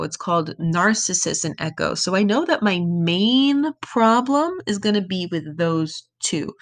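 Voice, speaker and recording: Young woman teacher, slightly low voice, casual and chatty, talks students through a reading. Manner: casual, explains words in plain terms. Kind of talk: reading lesson, thinking aloud over a text.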